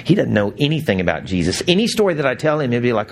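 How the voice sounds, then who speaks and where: A man's voice: medium pitch, sing-song, rapid-fire. A man preaching a sermon, telling stories with laughs and acting out quotes. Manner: storytelling with laughs and acted quotes. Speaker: pastor.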